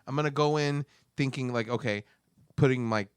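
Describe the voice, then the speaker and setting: A man's voice: medium pitch, moderate pace, clear, resonant tone, no room sound, clean studio sound. A man co-hosting a film podcast, talking casually and acting out his own reactions with exclamations. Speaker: podcast co-host.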